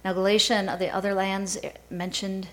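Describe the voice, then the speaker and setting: A woman pastor preaching a sermon in a measured storytelling way. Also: mid-range voice, level tone, a bit bright, low-quality recording.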